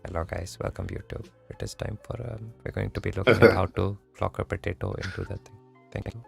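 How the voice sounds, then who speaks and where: A man's voice: sits low, steady tone, fairly quick, gravelly, breathy edge, soft background music, full character voice. A man imitating a timid male streamer who mumbles his greeting in a murmured, half-whispered voice. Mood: mumbling.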